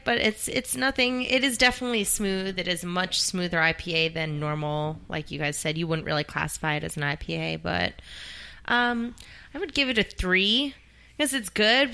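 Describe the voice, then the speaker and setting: Female panelist, relaxed and questioning, with a bright, clear sound. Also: medium pitch. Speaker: podcast co-host. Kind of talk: casual chat.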